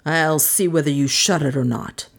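A woman voicing an angry young man who speaks forcefully and menacingly, in a slightly lower, slower voice. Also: slightly rough.

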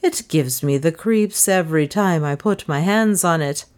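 A woman's voice: low-pitched, normal speed, darkish tone, lightly acted. A woman reading an audiobook who voices a timid, superstitious housemaid in a plaintive, fretful way. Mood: fretful pleading. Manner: pleading, fretful.

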